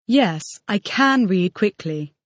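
A woman's voice: mid-range voice, lively intonation, takes it slowly, no echo. A woman answering scripted language drill questions in full, careful sentences.

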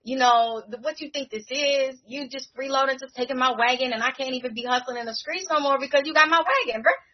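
A woman's voice: high voice, muffled recording, pitched above the performer's own voice, close to an everyday voice. Woman putting on a brash young street hustler. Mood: indignant. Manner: fast, slangy scolding.

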